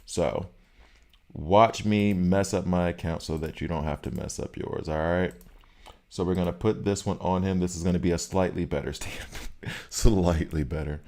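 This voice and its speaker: A man with a low, steady, slightly mellow voice chats casually with viewers while playing a game on stream, speaking at a normal speed. He thinks aloud about stats and choices as he goes.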